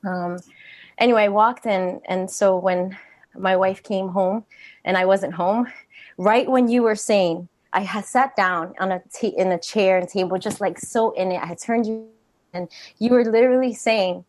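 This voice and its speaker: A woman speaks over a video call to a retreat group, telling a personal story at a middle pitch. Her delivery is animated: she laughs readily, then drops into quiet, hushed stretches. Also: moderate pace. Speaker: retreat participant sharing a question. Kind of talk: emotional personal sharing.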